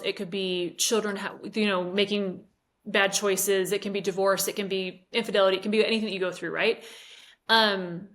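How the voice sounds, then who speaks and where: A woman's voice: medium pitch, a bit bright. A woman in her forties, a fitness coach, telling a personal story candidly and emotionally, with hesitations. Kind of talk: interview conversation.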